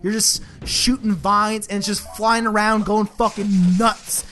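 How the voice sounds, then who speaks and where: A man's voice: high voice, steady tone, a little slow, sharp tone. A young man giving a comedic, sarcastic game recap, swearing constantly and full of filler words.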